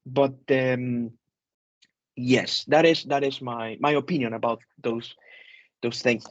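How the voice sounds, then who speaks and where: A man's voice: medium pitch, steady tone, slow pace, dry recording, lo-fi sound. A man, an instructor, leading a casual group discussion over a video call, chatty, with fillers and repeated phrases.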